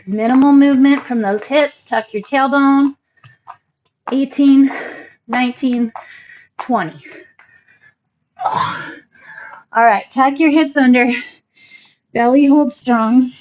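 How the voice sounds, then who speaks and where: Lady fitness coach talking slow, bit high, calm cues and rep counts, dull lo-fi sound. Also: a little hiss or hum. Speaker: fitness instructor. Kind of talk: workout class instruction.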